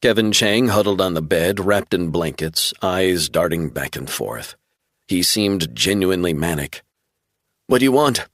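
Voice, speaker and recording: A man's voice: deep voice, a little slow, fairly bright tone, no room sound, clean studio sound. A man narrating a thriller audiobook in a dramatic storytelling read. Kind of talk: scripted narration.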